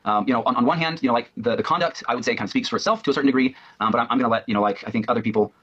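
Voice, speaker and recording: Husky guy rattling off hedgy interview answers super fast, muffled lo-fi clip. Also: medium pitch, fairly bright tone. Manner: hedging, halting, full of fillers. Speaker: company executive being interviewed.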